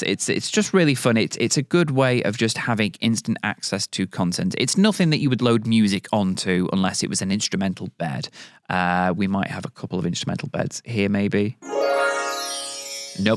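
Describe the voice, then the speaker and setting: A man's voice: lowish voice, no room sound, studio quality. A man giving a casual product tutorial on audio gear, talking in a loose, chatty way with lots of fillers and restarts.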